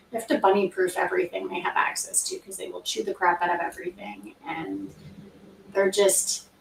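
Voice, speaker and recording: Middle-aged canadian woman rambling softly, kinda distant from the mic, roomy echo. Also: medium pitch, a little hiss or hum. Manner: soft, rambling storytelling with many fillers. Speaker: nursing grad student, study-with-me host. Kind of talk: casual chat during a study session. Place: home room.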